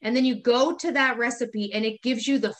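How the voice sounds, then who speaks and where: A woman co-hosting a podcast runs through her pet peeves in casual chat, with lots of profanity and laughter. Her voice sits high and sounds bright and forceful. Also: fairly even intonation, brisk. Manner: profane, ranting, laughs often. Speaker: podcast co-host.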